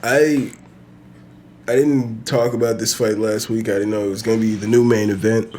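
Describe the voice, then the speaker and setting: Low-voiced man rambling on his podcast. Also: fairly even intonation, normal speed, darkish tone, slight background noise. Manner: loose, profane, rambling with laughs. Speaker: podcast host. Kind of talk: casual solo podcast rant.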